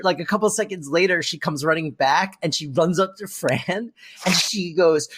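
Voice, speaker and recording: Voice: mid-range voice, normal speed, fairly bright tone. A podcast co-host in casual chat about a sitcom episode, acting out the quoted lines with big voices.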